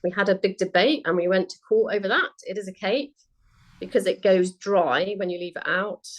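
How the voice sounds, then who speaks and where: A woman talking through her research as a guest, chatty and full of ums and quick self-corrections. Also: mid-range voice. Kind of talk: conversational interview.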